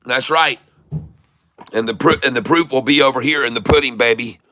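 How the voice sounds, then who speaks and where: A middle-aged man hosting a live day-trading stream, giving excited running commentary and calling out to his viewers as "folks.". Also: mid-range voice, normal speed, no echo.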